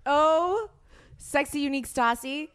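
A woman's voice: sits high, unhurried, a bit bright. A young woman hosting a podcast, chatting casually and giggling as she rambles through a story. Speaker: podcast host. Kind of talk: casual chat.

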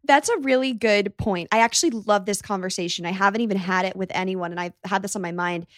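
A woman's voice: mid-range voice, fast, no room sound, clean studio sound. A woman hosting a podcast, talking in a candid, reflective and chatty way. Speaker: podcast host. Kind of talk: podcast conversation.

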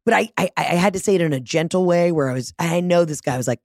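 Woman, 30s, casual storytelling, lowish voice, dry recording, profane, animated. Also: a little fast, hardly any pauses, dry recording. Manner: animated, profane, jumps into high mocking voices for quotes.

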